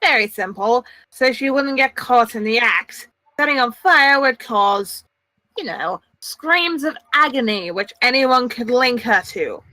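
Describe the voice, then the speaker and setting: A woman runs a tabletop game as game master, narrating in a casual, chatty manner. Her voice sits a little high and moves slowly. The sound is dry and close. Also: lively intonation, pushed and bright, no echo.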